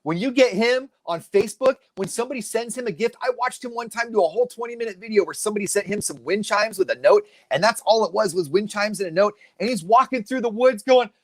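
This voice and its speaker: A man co-hosting a casual chat show, animated and jokey, acting out other people's lines as he tells stories. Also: sits high, quick pace, hardly any pauses. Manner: animated, jokey, mimics people mid-story. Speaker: co-host.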